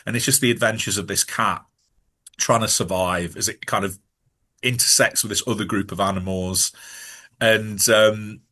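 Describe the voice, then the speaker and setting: A man's voice: on the low side, fairly even intonation, bright, forceful tone. A man co-hosting a casual film podcast, rambling and restarting his sentences often. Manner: rambling, halting with many restarts. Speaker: podcast co-host.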